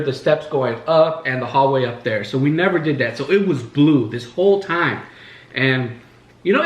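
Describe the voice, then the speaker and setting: The host has a fairly high, slightly bright voice as he chats casually while eating in his living room. His storytelling rambles and is heavy on fillers, and the echoey room carries faint music.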